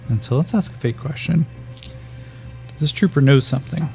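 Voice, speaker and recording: A man narrating a solo tabletop game as game master, calling out dice rolls in a measured way. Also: fairly high pitch, a little mellow, soft background music.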